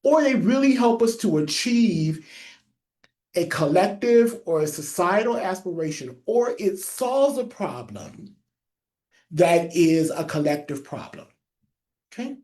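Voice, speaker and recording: A public health trainer with a lisp giving a webinar presentation, stressing and repeating key phrases for note-takers. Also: male voice, high voice, sing-song, a little slow, darkish tone.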